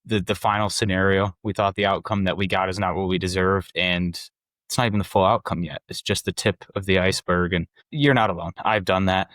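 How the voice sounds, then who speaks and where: Low-voiced animated male podcast host. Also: fairly quick, dry recording, studio quality. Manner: animated storyteller who acts out quoted dialogue. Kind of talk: casual conversational interview.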